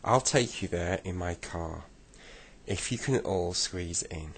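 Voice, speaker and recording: A man's voice: sits low, takes it slowly, husky, full character voice. A man doing a vain garage rabbit. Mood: friendly. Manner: vain and flattering.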